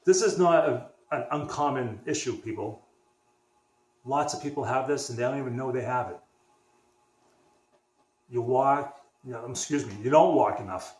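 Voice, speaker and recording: A young man from the Boston area tells his story in a loose, rambling vlog style, often restarting his sentences. His pitch sits in the middle of the range. The sound is roomy, with a clear echo off the walls. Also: moderate pace, long pauses, darkish tone. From Boston area, USA. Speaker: vlogger. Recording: echoey room.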